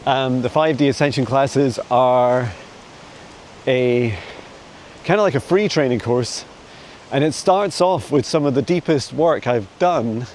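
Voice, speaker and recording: Out in the forest with his dog and a handheld phone camera, a man vlogs casually as a psychic mentor responding to viewers. He speaks unhurriedly at a medium pitch, rambling chattily with frequent soft laughs. The rough recording has a little hiss or hum.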